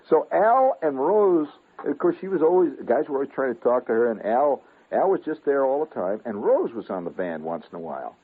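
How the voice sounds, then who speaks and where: A man's voice: medium pitch, sing-song, brisk, breathy edge. A man in his fifties from the United States, telling a rambling, digressive radio story with chuckling asides. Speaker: radio host. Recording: narrow, phone-like old radio broadcast.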